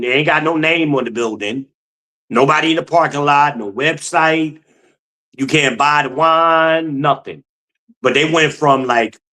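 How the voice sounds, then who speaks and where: A man's voice: mid-range voice, pushed and bright. A man from New Jersey hosting a podcast alone, giving blunt, profane opinion commentary in a mocking tone. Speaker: podcast host.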